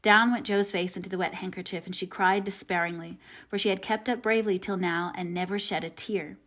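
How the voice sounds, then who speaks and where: A woman reads a classic novel aloud as an audiobook narrator. Her pace is measured and her delivery gentle. Her voice sits at an ordinary middle pitch for a woman. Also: steady tone.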